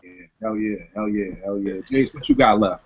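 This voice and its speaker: Animated Philly man, lo-fi. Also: fairly low pitch, moderate pace, breathy edge. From Philadelphia. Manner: animated storyteller, laughs often. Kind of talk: casual chat about hip hop lyrics. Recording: dull lo-fi recording.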